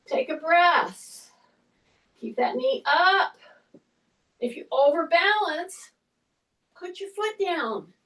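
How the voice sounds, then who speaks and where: Fitness trainer, woman, high pitch, slow steady coaching, mic set back. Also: distant mic, low-quality recording. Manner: coaching, repetitive cues, demonstrating while talking. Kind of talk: guided exercise instruction.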